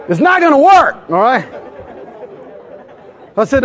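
High-voiced excitable preacher man. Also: slow pace, vocal fry, long pauses, some chatter behind. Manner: excitable storyteller with sudden loud outbursts. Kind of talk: humorous preaching to a live crowd.

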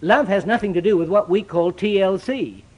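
A husky man with a voice that sits high preaches at a normal speed. His sermon carries an old-fashioned scriptural rhythm, shifting from emphatic, loud declarations to quiet, solemn remarks.

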